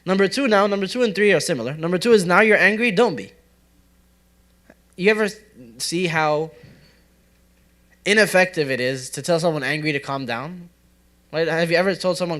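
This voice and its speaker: A man's voice: fairly high pitch, fairly quick, pauses often, a bit bright. A young man teaching a casual, interactive study circle in a community center classroom, asking the audience questions and joking with them. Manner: conversational, asks the audience questions, jokes and laughs. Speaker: religious teacher.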